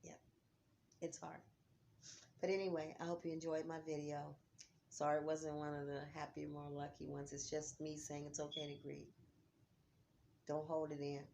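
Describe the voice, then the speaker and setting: A middle-aged woman talking at home about grief, heartfelt, dropping to near-whispers and rising to loud urging. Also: sits low, completely flat delivery, moderate pace, creaky, pauses often, a little hiss or hum. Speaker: vlogger. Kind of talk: emotional vlog talk. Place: home, on a couch.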